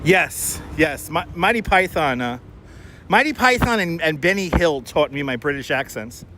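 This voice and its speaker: A man hosts a casual live stream from city streets, rambling between topics and reading viewers' comments aloud. His voice sits slightly high for a man. A clip-on mic picks him up over faint outdoor noise. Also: animated, normal speed, bright, forceful tone. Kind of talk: casual live-stream chat while walking. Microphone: wireless clip-on mic.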